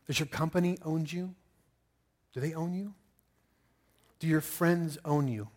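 Husky-voiced animated preacher man. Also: a little high, a little slow. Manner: animated storytelling with sudden loud outbursts. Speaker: pastor. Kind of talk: sermon.

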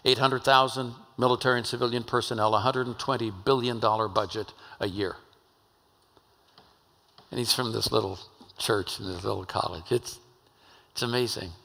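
Older pastor, bright voice, reverberant hall. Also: male voice, medium pitch, steady tone, normal speed, vocal fry, long pauses. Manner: conversational anecdotal storytelling. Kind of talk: storytelling sermon.

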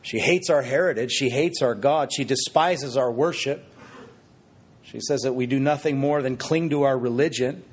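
Husky-voiced man preaching with emphasis. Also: mid-range voice, moderate pace. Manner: expressive, rhetorical questions with shifting emphasis. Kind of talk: sermon.

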